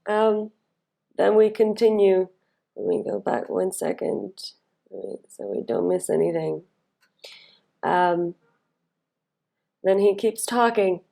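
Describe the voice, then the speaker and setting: A woman's voice: mid-range voice, steady tone, slow pace, creaky, pauses often, dark tone. A woman coach analysing a speech in a video, chatting and thinking aloud with fillers and restarts, and stressing key words. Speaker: speaking and storytelling coach.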